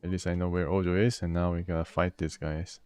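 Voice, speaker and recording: A man playing a video game, reading its text aloud and thinking out loud as he goes. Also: deep voice, level tone, quick pace, clean tone. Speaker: gamer. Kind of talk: let's play commentary.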